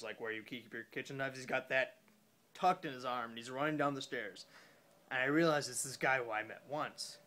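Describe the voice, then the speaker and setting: A young man tells a story into his phone after a few beers, his voice pitched in an ordinary middle register. He rambles and halts, and fills the gaps with fillers and curses. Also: sharp tone. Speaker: vlogger. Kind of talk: casual storytelling.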